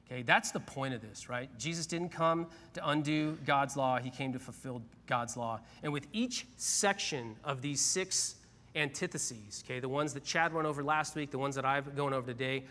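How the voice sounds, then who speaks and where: Bright-voiced man preaching in a reverberant hall. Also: medium pitch, normal speed. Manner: conversational, animated storytelling, frequent "right?" asides. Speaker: pastor. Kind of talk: sermon with personal story.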